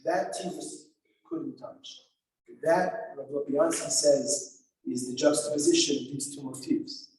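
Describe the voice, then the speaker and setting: Rabbi, male, earnest and emotional lecture on lament poems; soft, warm tone, picked up from far off in a reverberant sanctuary. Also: a little high, measured pace, a little hiss or hum. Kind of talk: explaining liturgical lament poems. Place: synagogue sanctuary. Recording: very echoey hall from far off.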